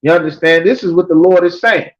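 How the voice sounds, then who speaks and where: A man teaching a scripture class, reading verses slowly and then explaining them emphatically, often checking with "you understand?". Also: sits high. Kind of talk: preaching scripture breakdown. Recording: dull lo-fi recording.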